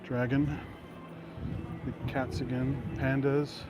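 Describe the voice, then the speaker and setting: A man's voice: mid-range voice, flat delivery, slow, loud music behind the voice. A man casually narrating a walk through city streets, rambling through anecdotes with many fillers, recorded on a handheld camera mic while walking. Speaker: vlogger. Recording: street noise behind voice. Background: traffic and city ambience.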